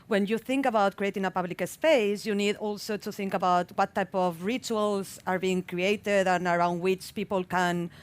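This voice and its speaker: A woman architect and researcher speaking on a public panel in a thoughtful, halting way, often repeating words. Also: medium pitch, fairly even intonation, smooth. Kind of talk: panel discussion. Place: public talk event.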